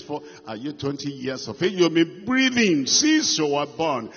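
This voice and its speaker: A man preaches slowly and emphatically, his husky, bright-edged voice rising and falling in a lively way. He repeats his points for weight. The sound is muffled, with a long hall echo behind it. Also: fairly high pitch. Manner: emphatic, repeats phrases for effect, swings between loud and hushed. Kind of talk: sermon.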